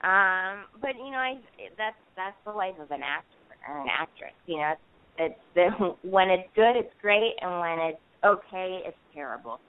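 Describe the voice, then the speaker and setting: A woman's voice: lowish voice, lively intonation, moderate pace, clear, resonant tone, no echo. A chatty woman in her thirties, talking loosely and playfully with plenty of fillers and restarts. She sounds tinny and narrow, as if she is coming through a phone line. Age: 30s. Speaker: actress guest. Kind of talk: casual interview chat.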